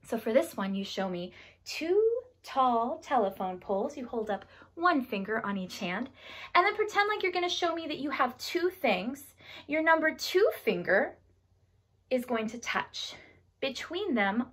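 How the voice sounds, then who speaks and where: A young woman leads little ones through nursery rhymes in a high, bouncy, sing-song voice. She talks slowly and clearly, swooping up into squeals and dropping to hushed whispers as she plays. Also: sing-song. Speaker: children's music teacher. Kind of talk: nursery rhyme lesson with hand motions.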